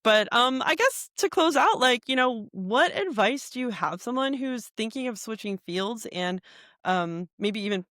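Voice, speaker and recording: Woman podcast host; chatty, affirming interviewer; somewhat high voice, dry close sound. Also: lively intonation, unhurried, a bit bright, no room sound. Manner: chatty, affirming, asks open questions. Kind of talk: casual interview conversation.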